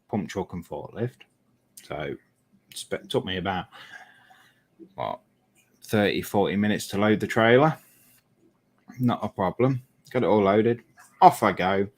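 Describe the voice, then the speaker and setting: Rambling trucker, low voice. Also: male voice. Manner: rambling storyteller who often corrects himself. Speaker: lorry driver and model-making vlogger. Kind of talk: casual chat while painting a model.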